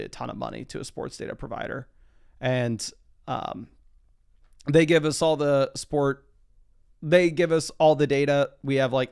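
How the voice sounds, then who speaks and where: Streaming live from his home desk, a young man with a smooth, creaky, medium-pitched voice chats his way through a fantasy football draft. He's talkative and reads viewer comments aloud.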